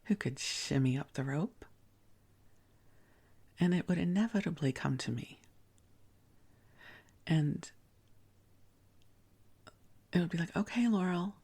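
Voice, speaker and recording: A woman in her sixties, a podcast host, telling a personal story in a soft, breathy near-whisper with a gentle, confiding manner. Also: low voice. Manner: gentle and confiding, with small restarts.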